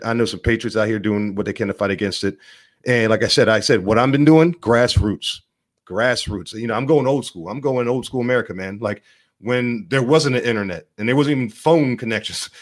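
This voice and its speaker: Man, vlog host, rapid-fire combative rant, medium voice. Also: mid-range voice. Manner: combative, rapid, rambling delivery.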